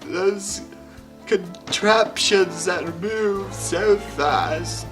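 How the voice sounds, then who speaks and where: A student acting a gossiping old Southern townswoman in a school video, talking in a slow, drawn-out, old-fashioned way. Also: medium pitch, music in the background. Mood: gossipy.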